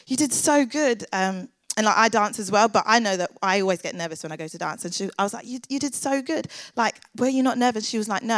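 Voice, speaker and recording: A woman's voice: medium pitch, a bit bright, no echo. A woman, sharing a personal faith testimony in an earnest, chatty way full of filler words. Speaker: church worker sharing testimony.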